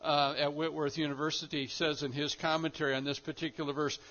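A man's voice: fairly high pitch, level tone, fast, a bit bright, lo-fi sound. A man preaching a sermon in an emphatic style, often repeating and restarting his phrases. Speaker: pastor.

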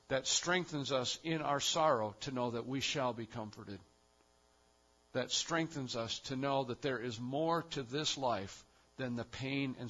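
A man preaching a sermon, building to loud emphatic repetitions and then dropping to quiet, low stretches. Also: muffled recording. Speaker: pastor.

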